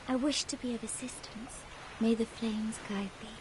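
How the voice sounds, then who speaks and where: A woman playing a soft-spoken archaic sorceress. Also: fairly high pitch, fairly even intonation, moderate pace, close to an everyday voice. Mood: gentle. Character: gentle archaic-speaking female sorcerer. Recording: game audio under faint noise.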